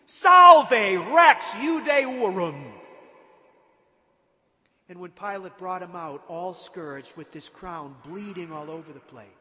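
A man's voice: high voice, sharp tone, big-room sound. A man preaching a sermon, retelling scripture with dramatic emphasis and sudden rises in force.

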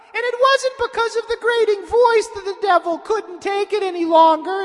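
A priest imitating an old male country preacher with a very high, screeching, grating voice. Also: a bit bright. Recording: long hall reverb.

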